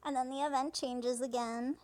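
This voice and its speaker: A woman's voice: sits high, steady tone, normal speed, a little mellow. A young woman casually translating a game's dialogue aloud, paraphrasing each character with "she's like" and reading the punctuation out, with frequent laughs. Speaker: let's play host translating a game. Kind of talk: casual live translation and retelling of game dialogue.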